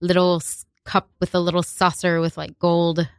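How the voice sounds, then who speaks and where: Chatty woman telling animated stories. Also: on the low side, moderate pace, smooth, dry recording, studio quality. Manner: chatty storyteller who acts out quoted voices with laughs. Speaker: podcast guest. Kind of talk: casual chat.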